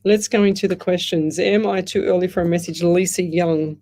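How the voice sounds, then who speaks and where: A woman's voice: fairly low pitch, fairly even intonation, fairly quick, mellow. A woman hosting a live radio show as a psychic medium, chatting in a rambling way and greeting listeners by name over a headset mic. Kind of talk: live radio chat, reading out listener comments. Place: radio studio.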